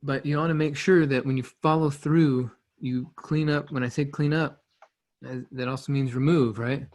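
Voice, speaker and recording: A man's voice: mid-range voice, fairly even intonation, normal speed, darkish tone. A man coaching a listener in a loose, conversational way, often repeating phrases and restarting sentences. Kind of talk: casual motivational teaching.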